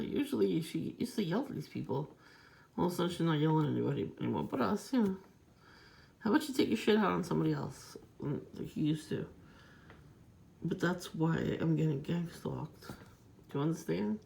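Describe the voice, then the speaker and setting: A woman's voice: sits low, big pitch swings, brisk, gravelly, dark tone. A woman vlogger telling a long, aggrieved story in a rambling, profane, casual monologue.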